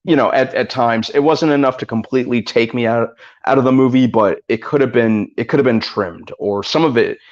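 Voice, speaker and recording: A man co-hosting a casual live movie review show, talking in a measured, hesitant way. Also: medium pitch, a little mellow, lo-fi sound. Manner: measured, hesitant, many restarts and fillers. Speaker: podcast co-host.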